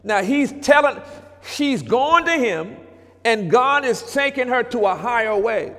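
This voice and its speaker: A man preaching a sermon as pastor, moving from hushed passages to shouts and calling out to the congregation. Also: very high-pitched, animated, a little slow. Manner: preacherly, swings between hushed and shouted, talks back to congregation. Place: church sanctuary. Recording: long reverb of a church hall.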